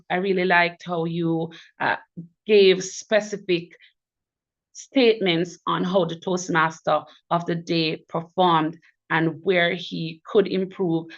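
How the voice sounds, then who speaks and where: Slow, encouraging woman giving club feedback. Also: fairly low pitch. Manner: encouraging, praises each evaluator in turn. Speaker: general evaluator at a speaking club meeting. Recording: dull lo-fi recording.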